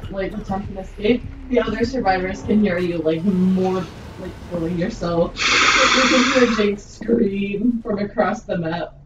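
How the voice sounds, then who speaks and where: A woman's voice: mid-range voice, a little slow, highs cut off. A woman chatting casually with a dry, teasing manner while playing alongside friends. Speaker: fellow player. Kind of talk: casual chat. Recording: echoey, distant and noisy.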